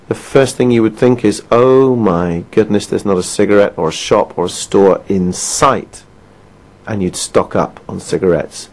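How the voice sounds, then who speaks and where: A man's voice: mid-range voice, darkish tone, low-quality recording. A middle-aged British man from the United Kingdom giving a persuasive quit-smoking talk, asking the listener rhetorical questions. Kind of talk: recorded self-help talk.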